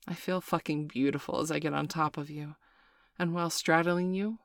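A woman narrates a first-person romantic story in a measured, intimate way. Her voice has a gravelly, creaky edge, and the sound is close and dry with no room around it. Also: deep voice, dry recording.

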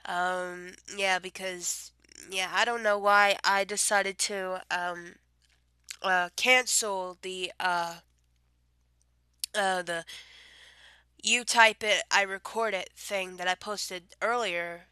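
A woman with a light Southern lilt talks at a very unhurried pace, her voice bright and smooth, still getting over a cold. She rambles casually with lots of ums and uhs, reading a word list to camera at home. The recording is close and dry. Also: mid-range voice, no echo. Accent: subtle Southern US. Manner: chatty and meandering, many fillers, laughs between words. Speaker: vlogger.

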